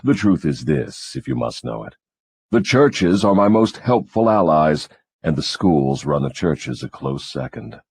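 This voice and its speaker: A man's voice: extremely low pitch, big pitch swings, measured pace, a little mellow, husky, exaggerated voice. A man voicing a scornful, cunning devil who gloats and lectures in a mocking audiobook dramatization.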